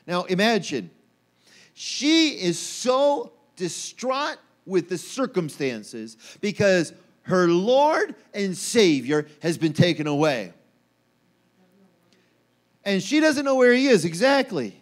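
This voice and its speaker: High-voiced animated male preacher. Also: slow pace. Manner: animated, acts out quoted voices with rising pitch. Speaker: pastor. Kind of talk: sermon. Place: church.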